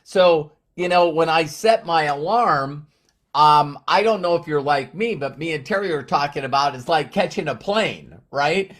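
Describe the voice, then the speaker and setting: A man's voice: on the high side, moderate pace, a bit bright. A man giving a motivational talk on a live stream, rambling with many restarts and repeated words, short on sleep. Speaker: motivational speaker.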